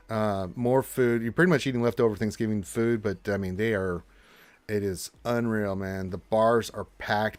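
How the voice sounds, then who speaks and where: A man's voice: lowish voice, no room sound. Man from texas, gaming stream host, loose rambling chatter, dry close sound. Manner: loose, rambling, swears and jokes, reads chat aloud. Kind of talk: casual live-stream chat.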